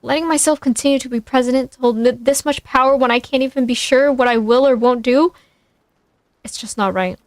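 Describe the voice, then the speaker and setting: A shaken old man wrestling with guilt, speaking in broken, halting lines, as a woman reads him. The voice sits high and is recorded close and dry. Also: no room sound. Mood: anguished. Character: elderly male leader, guilt-stricken.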